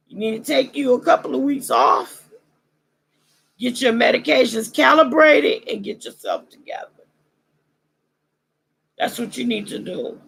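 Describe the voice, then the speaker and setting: A woman vlogger speaks in an unhurried way, preachy and roasting, with slangy phrasing. Her voice is deeply gravelly and husky, and it rises and falls a lot. Her throat sounds dry, as if she is losing her voice. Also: fairly bright tone, rough recording. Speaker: vlog host. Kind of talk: casual commentary monologue.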